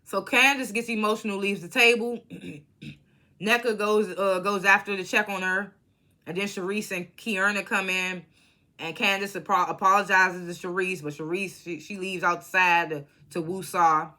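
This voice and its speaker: A woman's voice: mid-range voice, normal speed. A woman giving a casual reality TV episode recap, blunt and profane, acting out the cast's lines as she tells it. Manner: blunt, profane, animated storytelling.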